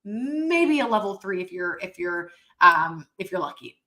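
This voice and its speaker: A woman's voice: lowish voice, sing-song, measured pace, bright, forceful tone, poor audio. A woman teaching a sales training webinar, talking with energy and emphasis in a coaching manner over a computer mic.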